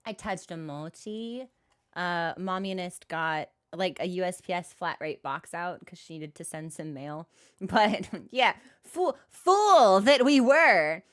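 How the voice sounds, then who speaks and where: A woman's voice: lowish voice, a little slow, clean tone. A young woman streaming a video game, chatting in a playful, giggly, rambling way. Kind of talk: casual gaming stream chat.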